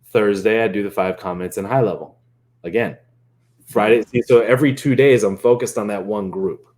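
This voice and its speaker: A man coaching on marketing in a casual, animated way, laughing often and acting out quoted chats. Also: lowish voice, moderate pace. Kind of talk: casual explainer.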